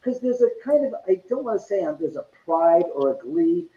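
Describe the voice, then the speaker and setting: Animated man telling stories in an echoey room. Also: high voice, a little fast. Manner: animated, acts out quoted voices, laughs often. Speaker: guest. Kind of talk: casual storytelling interview. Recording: echoey, dull lo-fi sound.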